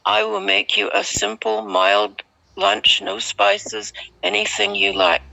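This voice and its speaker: A woman voicing a kind elderly Indian lady from an ashram, speaking formally and gently. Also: mid-range voice, sing-song, slow, creaky, full character voice. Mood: kindly. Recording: slightly muffled recording.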